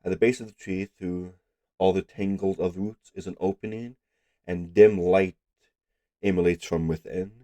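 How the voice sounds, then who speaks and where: A congested man running a tabletop game as game master, narrating scenes in a calm, descriptive way. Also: low-pitched, normal speed, dry recording.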